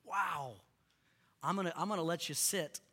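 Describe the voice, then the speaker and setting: Bright-voiced impassioned male preacher. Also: a little high, normal speed, slightly rough. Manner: impassioned, swings from loud rallying to quiet earnest tones. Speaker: pastor. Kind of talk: sermon.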